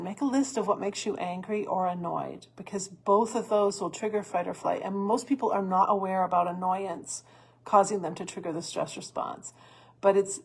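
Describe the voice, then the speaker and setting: A woman host giving earnest coaching advice in a solo talk, with restarts and soft laughs. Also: mid-range voice, slightly rough. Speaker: stress coach and podcast host.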